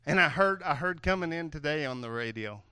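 A man preaching with a high, very bright voice that rings sharply. He is playful and animated, leaping from loud outbursts to hushed asides, on a close, dry recording. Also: brisk, clear, resonant tone, no room sound. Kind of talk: animated sermon.

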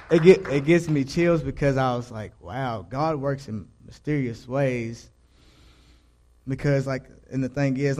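Young male choir leader, mid-pitched voice, loose rambling testimony delivery that drops to a hush for his quoted thoughts. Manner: casual, rambling, restarts, quotes his own thoughts in a hushed voice. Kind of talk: personal faith testimony.

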